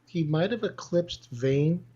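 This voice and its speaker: A man's voice: fairly high pitch, animated, takes it slowly, dark tone, breathy edge. A man chatting casually on a livestream, playful and teasing. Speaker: panelist. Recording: dull lo-fi sound.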